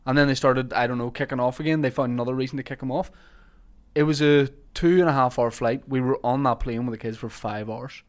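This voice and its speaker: A man hosting a podcast, telling animated stories in casual chat. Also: medium pitch, fast talker. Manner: animated storyteller, acts out overheard voices. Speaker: podcast host.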